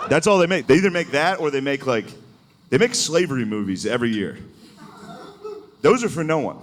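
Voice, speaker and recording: A male stand-up comic rambling through his set, his voice swinging up and down with lively pitch. The live room carries clear noise from the crowd around him. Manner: loose, rambling delivery full of "like" and quick impressions. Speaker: stand-up comedian. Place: comedy club stage with laughing audience.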